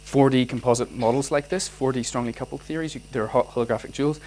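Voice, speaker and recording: A man with a Northern Irish accent giving a physics lecture and answering student questions, animated, restarting his sentences often with many fillers. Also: medium pitch, quick pace, poor audio. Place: lecture hall.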